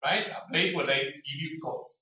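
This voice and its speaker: Male English teacher, high bright voice, slow drills, very echoey distant room. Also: dull audio. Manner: brisk corrective commands. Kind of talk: classroom pronunciation drill. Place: classroom.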